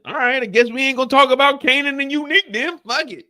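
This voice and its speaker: With a very high voice that's pushed and bright, a show recap streamer talks fast to his viewers. He's tired but plays up a comic exasperation, telling stories repetitively and with lots of profanity in a casual chat.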